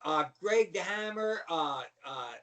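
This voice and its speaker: Middle-aged man, high voice, animated profane storyteller, podcast guest. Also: slow pace, recorded from a distance, crowd noise. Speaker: guest, former pro wrestler. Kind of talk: storytelling in casual chat.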